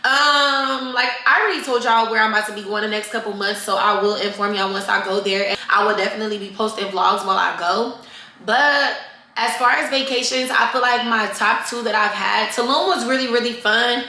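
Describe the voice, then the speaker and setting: Casting note: young woman vlogger, bold and bright, unfiltered and chatty, recorded in a roomy space. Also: a little high, a little fast. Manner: candid, profane, animated, addresses viewers as y'all. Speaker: vlogger answering fan questions. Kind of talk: casual Q&A chat to camera. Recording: echoey room.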